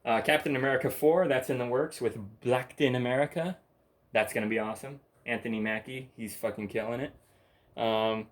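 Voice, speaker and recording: A man's voice: mid-range voice, normal speed. A man hosting his own channel, talking alone in a rambling, blunt, profane rant and laughing between points. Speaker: channel host. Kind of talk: rambling ranting monologue.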